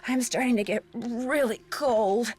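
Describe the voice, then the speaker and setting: A woman's voice: a little high, measured pace, darkish tone, slightly rough. A woman voicing a young woman angler in a video game, speaking in a plain, matter-of-fact, dry way.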